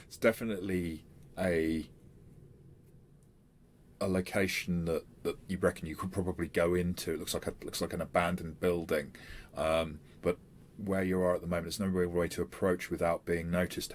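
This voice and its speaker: A man's voice: low voice, slight background noise. A man running a tabletop role-playing game as game master, chatty and stop-start with many fillers.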